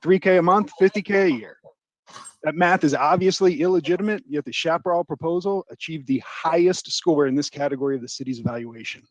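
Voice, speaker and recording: A man's voice: a little high, no room sound, lo-fi sound. A man giving an assertive, critical public comment at a city council meeting from a prepared statement.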